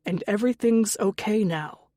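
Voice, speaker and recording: A woman voicing a sleepy, calm young man. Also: mid-range voice, normal speed, no echo, studio quality, natural voice.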